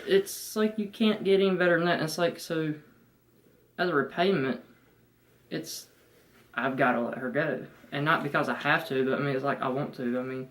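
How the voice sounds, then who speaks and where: Flat-voiced young man, country accent. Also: mid-range voice, poor audio. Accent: Southern US country. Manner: rambling, heavy fillers, earnest. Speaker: fiancé, guest. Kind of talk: casual chat.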